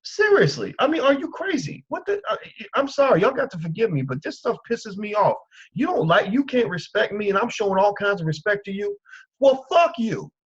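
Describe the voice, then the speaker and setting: A comedian on stage yelling and taunting a heckler with heavy profanity. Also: male voice, high-pitched, very animated, fairly quick, husky, lo-fi sound. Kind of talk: onstage confrontation with a heckler. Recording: distant club audio played from a clip.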